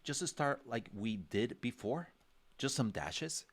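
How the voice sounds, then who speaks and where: With a mid-range, expressive voice and an unhurried delivery, a man leads a drawing lesson over livestream; there's no room sound. He's rambly, full of fillers and restarts, and mimics characters' reactions in little voices.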